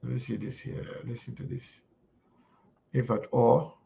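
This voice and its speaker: A man's voice: mid-range voice, fairly even intonation, measured pace, creaky, dark tone, dull audio. A male host giving political commentary, rambling and searching aloud as he talks.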